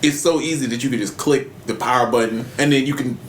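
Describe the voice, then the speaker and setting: A man's voice: mid-range voice, steady tone, fast. A man co-hosting a podcast, talking casually and jokingly in slang, sometimes reading out listener questions. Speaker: podcast co-host. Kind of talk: casual chat. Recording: roomy with faint background noise.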